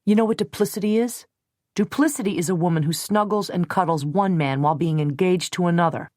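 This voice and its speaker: Brief: hot-tempered thirtysomething man, voiced by a female narrator, blunt, forceful, dry close read. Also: on the low side, brisk, dry recording, close to an everyday voice. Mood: angry, heated. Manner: blunt, forceful, sometimes scornful. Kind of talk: audiobook character reading.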